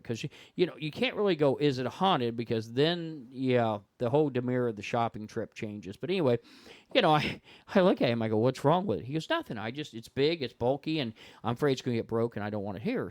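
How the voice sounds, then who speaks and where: A man talking casually as a podcast guest, spinning a story and slipping into voices for each person he quotes. His pitch swings widely as he talks, and the close microphone sounds dry with no room echo. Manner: animated, acts out dialogue in voices.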